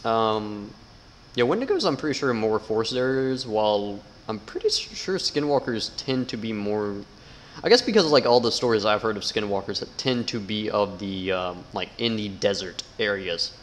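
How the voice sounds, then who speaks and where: A man's voice: fairly low pitch, animated, normal speed, a little hiss or hum, low-quality recording. A man giving casual, sarcastic gameplay commentary, swearing a lot and reading game text aloud. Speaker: gamer.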